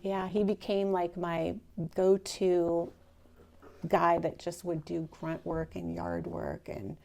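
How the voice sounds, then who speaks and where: A woman telling an emotional personal story to a live audience, animated and swinging from loud to near-whisper. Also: lowish voice, slow, gravelly, a little hiss or hum. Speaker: speaker telling her real estate story.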